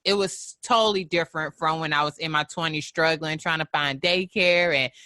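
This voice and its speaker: Bright-voiced woman podcast host. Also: low-pitched, moderate pace, no echo, studio quality. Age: 30s. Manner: animated, chatty, acts out quoted relatives. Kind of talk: casual conversation.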